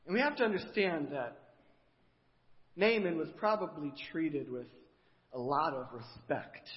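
A male preacher with a high voice animatedly retells a story, pausing to put questions to his listeners. His delivery is a storytelling sermon. The sound is dull and carries a long church-hall reverb.

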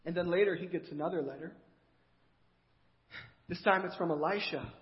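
A man's voice: high voice, normal speed. A male preacher animatedly retelling a story in a sermon, asking the listeners questions, in a dull, reverberant hall recording.

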